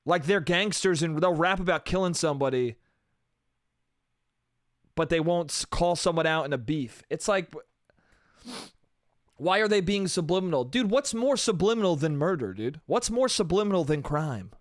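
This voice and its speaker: A man's voice: a little high, animated, moderate pace, pauses often, no room sound, clean studio sound. A man hosting a solo comedy podcast, rambling in a loose, profane, self-amused way with lots of restarts. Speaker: podcast host.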